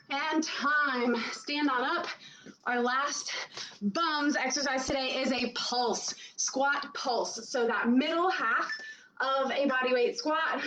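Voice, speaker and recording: A woman's voice: high-pitched, fairly bright tone, roomy sound, recorded from a distance, muffled recording, slight background noise. A woman fitness coach giving workout instructions while exercising, out of breath and puffing between sets.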